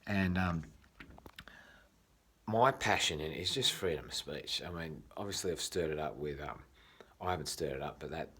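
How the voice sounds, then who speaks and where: Low-voiced Australian man ranting casually. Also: lively intonation, a bit bright, breathy edge. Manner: frequent swearing, halting restarts. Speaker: vlogger. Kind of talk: casual rambling monologue.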